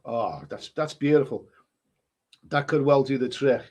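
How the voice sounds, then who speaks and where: Reading viewer comments aloud during a casual live stream, a travel vlogger with a cold speaks at a measured pace in a darkish, medium-pitched voice. He sounds stuffy, rambles, and restarts often.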